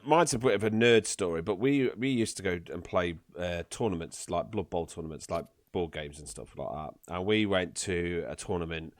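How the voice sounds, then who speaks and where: A man hosting a podcast, his voice low and dry as he reads out questions and shares stories. He giggles easily, talking close to the mic. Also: moderate pace, few pauses, no room sound. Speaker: podcast host reading questions. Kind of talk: casual chat.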